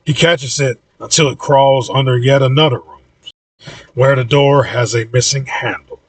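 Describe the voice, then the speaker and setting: A man reading his own audiobook in an even, low-key narration. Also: moderate pace, slightly rough, no echo, distant mic, low-quality recording.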